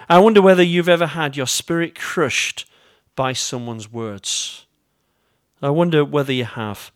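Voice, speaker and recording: English pastor preaching in a relaxed, chatty way. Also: male voice, on the high side, unhurried, dry recording, studio quality. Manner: chatty storytelling with self-mocking humour; addresses the congregation directly. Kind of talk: sermon.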